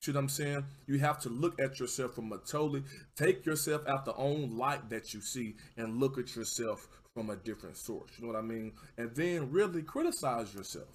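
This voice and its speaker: A man's voice: medium pitch, normal speed, few pauses. Encouraging male livestream host. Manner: encouraging, keeps asking "you know what I mean"; warmly shouts out viewers by name. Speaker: livestream talk show host. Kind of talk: casual motivational chat.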